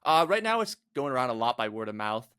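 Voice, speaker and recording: A man's voice: medium pitch, very animated, fast talker, sharp tone, smooth, no room sound. Blunt young man, dry close sound. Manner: blunt, many "like" fillers. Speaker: guest, competitive gamer. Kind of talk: casual podcast chat.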